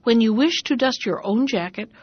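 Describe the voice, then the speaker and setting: A woman reading the lines of a stern old male holy hermit in a slow, solemn storybook voice, in a dull lo-fi recording. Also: a little high, expressive, dry recording.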